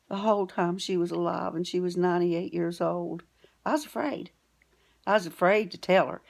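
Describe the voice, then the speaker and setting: Brief: older woman vlogger, folksy and plain-spoken, with a slightly low voice. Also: vocal fry. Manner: plain-spoken, homespun country phrasing. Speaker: storytelling vlogger. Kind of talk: folksy storytelling to camera.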